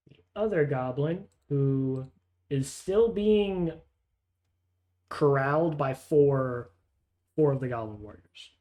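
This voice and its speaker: A man's voice: medium pitch, slow pace, pauses often, mellow. A man running a tabletop game as game master, narrating the scene in a rambling, amused way. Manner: rambling, amused, counts aloud while placing tokens.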